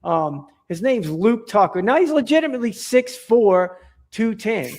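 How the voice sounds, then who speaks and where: High-voiced man, rambling podcast guest. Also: expressive, measured pace. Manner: rambling, enthusiastic, many restarts and fillers. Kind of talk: casual podcast chat.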